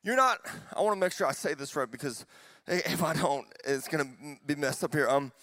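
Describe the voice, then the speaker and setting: A man preaching a sermon as pastor, impassioned, building to near-shouted peaks and dropping to quick asides. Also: fairly high pitch, dry recording. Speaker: youth pastor.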